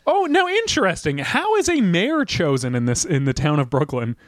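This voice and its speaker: A man hosting an improv comedy podcast, asking playful deadpan questions. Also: on the high side, moderate pace, dry recording, studio quality. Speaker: podcast host.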